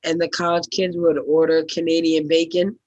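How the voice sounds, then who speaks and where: A woman's voice: low-pitched, little pitch movement, normal speed, a little mellow, lo-fi sound. A woman co-hosting a casual chat, teasing the others and laughing often while she tells stories. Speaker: co-host.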